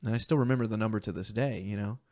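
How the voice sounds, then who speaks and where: Young man, low voice, dry close sound, earnest halting storytelling, acts out other voices. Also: darkish tone, no echo. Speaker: guest. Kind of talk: emotional personal storytelling.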